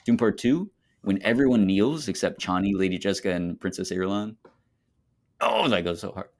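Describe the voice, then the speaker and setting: A young man co-hosting a casual movie podcast, enthusiastic and quick to laugh. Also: low-pitched, very animated, darkish tone. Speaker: podcast co-host.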